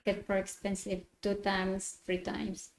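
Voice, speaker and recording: A woman's voice: mid-range voice, monotone, measured pace, reverberant, low-quality recording. A woman who speaks natively, co-hosting a casual livestream and answering briefly in simple English. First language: Spanish. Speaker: co-host. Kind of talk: casual live chat.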